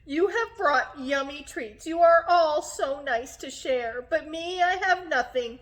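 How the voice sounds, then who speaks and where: A big gloomy bear from a picture book speaks in a sighing, mournful way, played by a woman reading aloud. The voice sits a little higher and louder than a plain reading voice, and the pace is unhurried. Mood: glum.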